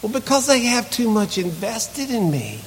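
A preacher playing a faltering young disciple. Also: male voice, high voice, sing-song, moderate pace, in a large hall, slight background noise, voice pushed up. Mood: pleading. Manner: pleading, repetitive, faltering. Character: young male disciple, reluctant and pleading.

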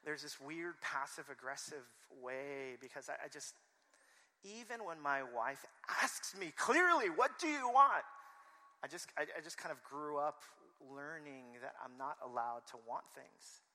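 Man, pastor, sermon, lively storyteller, bright tone, long hall reverb. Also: medium pitch, moderate pace. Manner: storytelling, acts out quoted voices.

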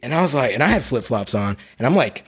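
A man, a real estate agent, telling a story in casual chat, slangy and quick to laugh. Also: mid-range voice, slightly rough. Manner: animated, slangy, laughs a lot.

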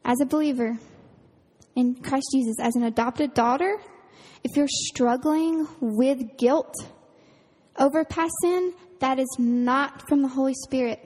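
A woman camp counselor, giving a casual, earnest youth sermon full of fillers and quick laughs. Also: high-pitched, a little mellow. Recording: reverberant hall.

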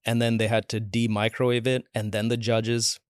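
A man's voice: fairly low pitch, level tone, moderate pace, smooth, dry recording, clean studio sound. A man in his forties, a podcast guest telling stories in a casual, chatty way, acting out the voices he quotes and filling his talk with "like.". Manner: chatty, acts out quoted voices, many "like" fillers. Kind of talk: casual interview storytelling.

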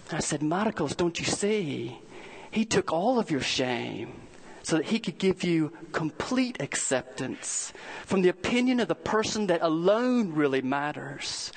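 Man, pastor, sermon, high-pitched, earnest storytelling, slowed emphasis. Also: animated, low-quality recording.

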